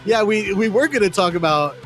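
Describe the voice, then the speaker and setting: Lively, laughing man co-host. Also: sits high, brisk, music in the background. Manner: laughs constantly, rambling storyteller. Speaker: podcast co-host. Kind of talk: casual comedic chat.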